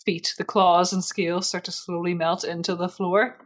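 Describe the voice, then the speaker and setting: A woman narrating as game master of a tabletop role-playing game, relaxed and giggly with many fillers. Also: on the low side, moderate pace.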